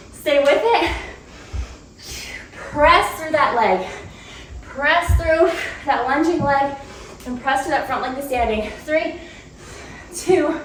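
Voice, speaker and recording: Woman instructor leading a home workout, high voice, winded, chatty and upbeat; roomy, off-mic home recording. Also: animated, drawn-out words, pauses often, a bit bright, far from the mic, a little hiss or hum. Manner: upbeat, chatty, laughs between cues. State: out of breath. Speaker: fitness instructor. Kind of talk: cueing a home cardio workout. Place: room at home.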